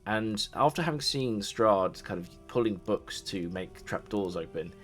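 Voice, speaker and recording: Male dungeon master, low voice, loose chatty narration. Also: expressive, measured pace, faint music behind. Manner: rambling, many fillers and restarts. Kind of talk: casual game narration.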